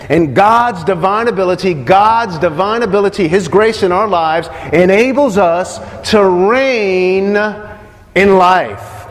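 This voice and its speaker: High-voiced man preaching in a hall. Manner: asks the congregation questions and repeats key phrases. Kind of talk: sermon.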